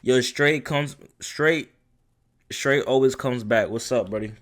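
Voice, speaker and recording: A man's voice: medium pitch, slow, heavy background noise. A man streaming live, reacting casually and greeting viewers in chatty slang.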